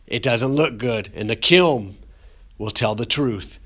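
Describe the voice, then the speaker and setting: A man's voice: mid-range voice, expressive, normal speed, a bit bright. A man teaching ceramics, talking through a glazing demonstration in a loose, rambling, joking way with many fillers. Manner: casual, rambling, says "getting emotional" as a joke. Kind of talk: classroom demonstration video.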